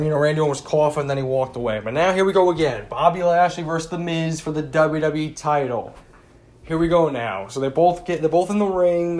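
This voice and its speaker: A man giving a casual, rambling recap of a wrestling show, often exasperated and full of fillers. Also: fairly high pitch. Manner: rambling, exasperated, lots of "like" and "you know".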